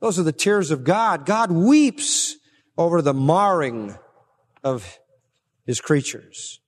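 Male preacher, high-pitched, emphatic sermon delivery, long hall reverb. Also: very animated. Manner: emphatic, swings between raised stresses and low, slow drops.

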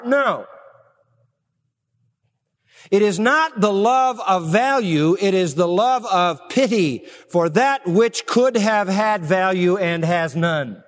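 Male preacher, high-pitched, emphatic sermon delivery, long hall reverb. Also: expressive. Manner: emphatic, swings between raised stresses and low, slow drops.

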